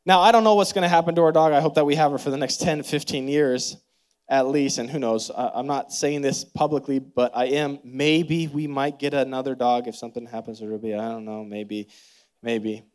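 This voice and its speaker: A man in his thirties preaching a sermon as pastor, leading prayer and telling stories in an animated, expressive way. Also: brisk, smooth. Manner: animated storytelling with big pitch swings and laughter; leads congregation in prayer and call-and-response.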